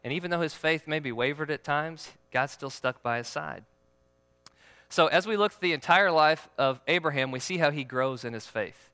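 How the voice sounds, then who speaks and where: Pastor guy giving a sermon, chatty and jokey, smooth crisp voice, echoey hall. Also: fairly high pitch, normal speed, bright, forceful tone. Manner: conversational, joking, asks the audience questions.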